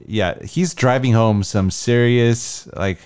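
A man co-hosting a casual movie review podcast, talking in a measured, analytical way. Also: mid-range voice, darkish tone, clear, resonant tone. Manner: measured, analytical, says yeah a lot. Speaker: podcast co-host. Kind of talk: casual film review chat.

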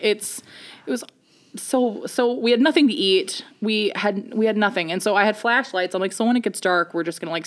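A woman telling a comic story in casual chat, animated and self-mocking, often laughing between lines. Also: mid-range voice.

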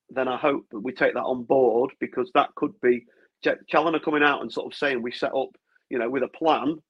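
A man's voice: medium pitch, slightly rough. A man co-hosting a casual football podcast, talking in long rambling runs full of restarts. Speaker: podcast co-host. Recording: dull lo-fi sound.

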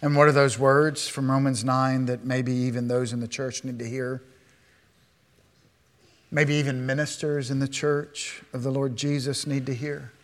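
A man preaching a sermon to his congregation, swinging between a hushed, earnest tone and raised, emphatic declarations. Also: mid-range voice, flat delivery, a little slow. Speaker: pastor.

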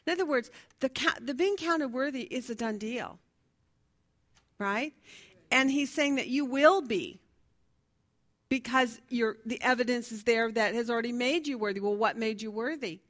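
A woman's voice: fairly high pitch, pushed and bright. A woman teaching a Bible study class in a conversational way, asking her listeners questions and reading from her notes. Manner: fumbles with notes, laughs at herself.

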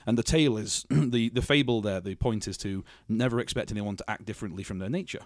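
A man's voice: mid-range voice, fast, hardly any pauses, no echo, clean studio sound. A man co-hosting a podcast, chatting casually and telling a rambling story with self-deprecating jokes. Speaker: podcast co-host. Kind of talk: casual chat.

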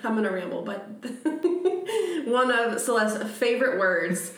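A young woman with a slightly high voice tells a story in casual chat, rambling and laughing as she goes. The room around her is echoey and reverberant. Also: very animated, slow. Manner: laughs often, rambling, chatty. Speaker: podcast co-host.

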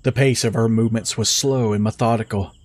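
Steady male audio-story narrator. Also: on the low side, brisk, no room sound. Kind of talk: scripted first-person narration.

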